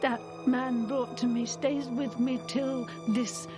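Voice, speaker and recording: A woman's voice: high voice, steady tone, slow, music in the background. A fearful haunted girl. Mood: troubled. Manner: soft and hesitant, fearful. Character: lonely girl haunted by her father.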